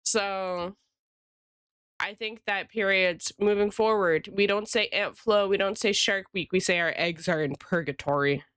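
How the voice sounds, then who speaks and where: Woman streamer, casual rambling chat with viewers, mid-pitched, crisp and clean. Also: measured pace, fairly bright tone, dry recording, studio quality. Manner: chatty, rambling, greets chat by name. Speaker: freelance illustrator and streamer.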